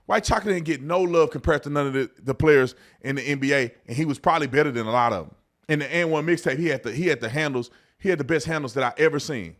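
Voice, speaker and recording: A man hosting an online commentary video, ranting heatedly and swinging between shouting and low muttering. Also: fast talker.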